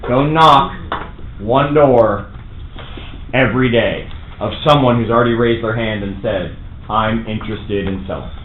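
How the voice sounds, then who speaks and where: Acting out his sales calls before a live audience, a New York–accented real estate trainer delivers a brash, punchy seminar in a large meeting room. He speaks at a measured pace in a fairly low voice, with long pauses. The sound is narrow, tinny, echoey and slightly noisy.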